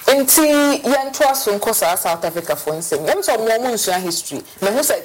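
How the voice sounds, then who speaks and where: A woman's voice: a little high, normal speed, rough recording. Argumentative Ghanaian woman on radio. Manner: animated, argumentative, mixes English and Twi. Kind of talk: radio talk commentary.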